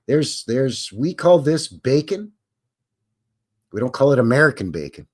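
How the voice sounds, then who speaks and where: A man's voice: mid-range voice, very animated, a little slow. A middle-aged man, hosting a live stream and reading viewer questions in a chatty, jokey, rambling way. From Canada. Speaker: host.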